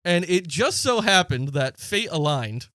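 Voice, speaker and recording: A man's voice: sits high, sing-song, measured pace, fairly bright tone, no room sound, studio quality. A man in his late twenties, a podcast co-host, telling a story in casual chat and acting out the quotes with plenty of swearing.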